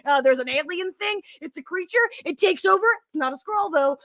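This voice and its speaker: A woman's voice: extremely high pitch, lively intonation, fairly quick, a bit bright, no echo, studio quality. A woman co-hosting a podcast, giving a breathless, sarcastic, comedic play-by-play recap of a movie. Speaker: podcast co-host.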